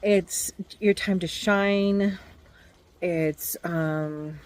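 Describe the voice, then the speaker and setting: A woman's voice: on the low side, fairly even intonation, very slow, low-quality recording. A woman doing a casual tarot card reading, musing aloud and hesitating with many fillers. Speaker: tarot reader.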